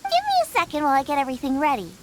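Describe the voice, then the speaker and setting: A woman voicing a cheerful young female chef in a video game, bubbly and excitable about food. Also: high voice, rapid-fire, slight background noise. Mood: explaining. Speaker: game character. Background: game music.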